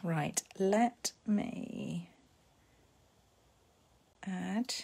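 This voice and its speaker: A woman's voice: medium pitch, drawn-out words, vocal fry, breathy edge. A woman with an English accent chatting casually while she makes a craft live, talking to herself as she works. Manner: chatty, talks to herself while working, drops to soft murmurs. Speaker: papercraft host.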